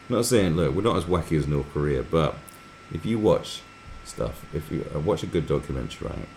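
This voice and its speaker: Very deep-voiced sweary man. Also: animated, a little fast, few pauses, slight background noise. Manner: sweary, restless, often breaks into mocking impressions. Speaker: live stream host. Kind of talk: casual rambling commentary.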